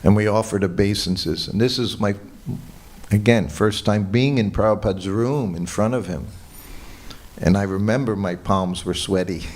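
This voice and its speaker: An older man with a lowish voice recounts memories during a temple morning class. He tells his stories unhurriedly and chuckles now and then as he reminisces. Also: normal speed, a little mellow. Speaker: lecturer giving morning class. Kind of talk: anecdotal temple lecture. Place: temple hall.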